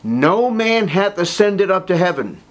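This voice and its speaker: A pastor preaching a sermon, earnest and emphatic, rising in pitch and force on key points. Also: male voice, big pitch swings, a little slow.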